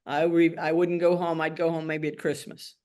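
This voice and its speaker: A woman's voice: sits low, little pitch movement, moderate pace, darkish tone. An older woman from Tennessee, telling her life story frankly and wryly in an oral history interview, acting out the voices of people she quotes. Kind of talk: candid personal storytelling.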